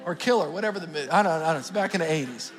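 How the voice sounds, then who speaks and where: A middle-aged male pastor preaching with fervent energy, his voice sitting high for a man. He calls out to the congregation as he speaks. The sound rings with a long hall reverb, and faint music sits underneath. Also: animated, racing. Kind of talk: sermon.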